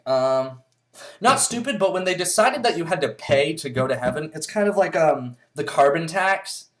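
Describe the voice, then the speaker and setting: Blunt, rambling man vlogging. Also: on the high side. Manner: rambling, blunt and profane, with many fillers. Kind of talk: casual monologue to camera.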